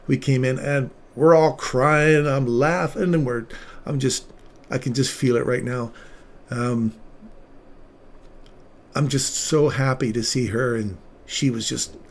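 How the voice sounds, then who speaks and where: A man hosting a casual livestream, once a paramedic, talking with earnest feeling and sometimes dropping his voice very low. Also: darkish tone. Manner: earnest, emotional storytelling, drops to near-whisper at tender moments. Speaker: livestream trading host, former paramedic.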